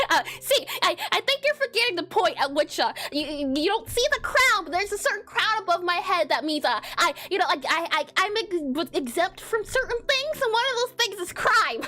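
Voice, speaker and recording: High-pitched, animated woman game dev, playful and giggly live-stream banter. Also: moderate pace, faint music behind. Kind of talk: casual live-stream coding chat.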